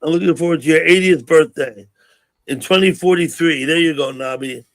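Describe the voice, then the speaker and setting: Gravelly sixty-year-old man hosting. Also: fairly high pitch, brisk. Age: 60s. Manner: rambling, thinks out loud. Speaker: livestream host. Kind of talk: casual chat.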